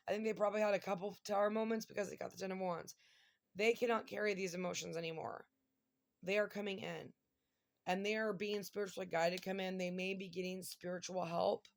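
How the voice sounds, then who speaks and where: A woman in middle age talks through a tarot spread in a loose, chatty way. Her voice has a gravelly fry to it. She grows emotional and exclamatory as the cards turn. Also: mid-range voice. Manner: emotional, exclamatory, near tears at times. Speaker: tarot reader. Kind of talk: casual tarot reading monologue.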